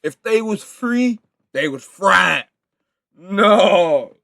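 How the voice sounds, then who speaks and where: A man reacting to a clip with slow, laughing comments and short exclamations. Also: sits high, lively intonation, gravelly, bright, forceful tone, dry recording, clean studio sound. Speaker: reaction video host.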